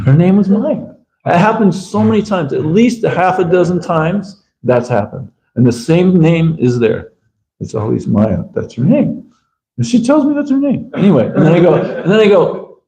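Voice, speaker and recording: A man's voice: medium pitch, very animated, vocal fry, warm tone, echoey room, slight background noise, rough recording. A man giving a casual, conversational sermon as a visiting preacher, acting out bits of dialogue as he talks. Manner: conversational, acts out dialogue in quick asides. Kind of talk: informal sermon. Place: temple room.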